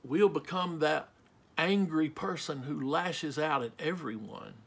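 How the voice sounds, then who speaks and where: A middle-aged man delivers a sermon in a notably high voice. He speaks slowly and with emphasis, leaning on rhetorical questions to draw his listeners in. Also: vocal fry, fairly bright tone, breathy edge. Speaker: pastor.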